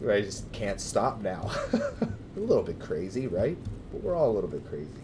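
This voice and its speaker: A man with a Californian American accent chatting casually with his livestream viewers, rambling and hesitant with many restarts, breaking into loud cheerful greetings. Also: fairly low pitch, wildly swooping pitch, normal speed, noisy background. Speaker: gaming livestreamer.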